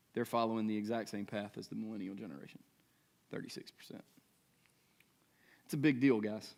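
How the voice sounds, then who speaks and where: A man in his thirties, a pastor, preaching in a conversational way, asking the congregation questions and checking in with them. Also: mid-range voice. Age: 30s. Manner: conversational preaching with rhetorical questions and frequent "right?". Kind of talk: sermon.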